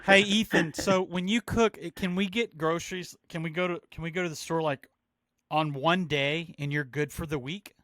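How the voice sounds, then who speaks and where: A man's voice: a little high, steady tone, moderate pace, a bit bright, no room sound. A tired man co-hosting a podcast, chatting casually late at night in a self-deprecating way. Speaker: podcast co-host.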